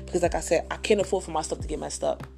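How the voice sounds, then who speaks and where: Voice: mid-range voice, fairly even intonation, racing, creaky, a little mellow, faint music behind. A speaker telling a personal story in a casual, heated, profane way, often repeating phrases. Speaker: vlogger.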